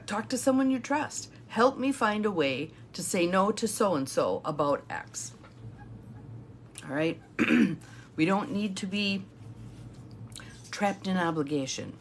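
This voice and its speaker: A woman's voice: medium pitch, slight background noise. A middle-aged woman coaching viewers in a live talk, emphatic and repeating her key phrases. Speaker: intuitive guidance coach.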